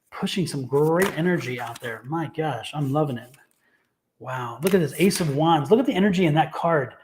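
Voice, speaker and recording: A man's voice: a little high, darkish tone, a little hiss or hum. A man doing a livestream tarot reading, talking enthusiastically in a rambling way and laughing often. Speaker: tarot reader.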